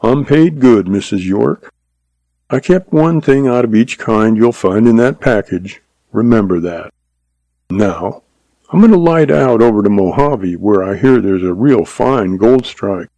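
A man voicing a gruff cowboy outlaw with a hoarse, croaking voice and clipped, threatening commands. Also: on the low side, expressive, unhurried, mellow, dry recording. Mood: easygoing.

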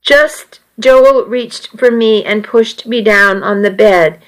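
Slow, measured woman narrator. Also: on the high side, low-quality recording. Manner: measured, steady storytelling. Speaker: audiobook narrator. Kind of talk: first-person audiobook narration.

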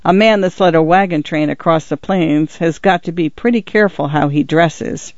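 An irritable ranch father, voiced by a man, with a clipped, impatient delivery and a voice that sits fairly high for a man. The recording is dull and lo-fi, with no room sound at all. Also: normal speed, no echo, close to an everyday voice. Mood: sarcastic.

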